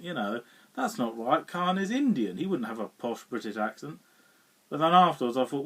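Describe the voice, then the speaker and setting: A man with a slightly higher than usual voice talks through a film review in a loose, rambling way. He chuckles often and trips over fillers and restarts. He sits a little way back from the mic, so the sound is distant. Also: sing-song, brisk, husky. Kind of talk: casual spoken film review.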